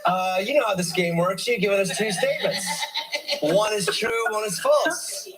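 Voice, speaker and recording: Lively male talk show host. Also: sits high, normal speed, over a noisy crowd, rough recording. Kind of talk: hosting a phone-in game.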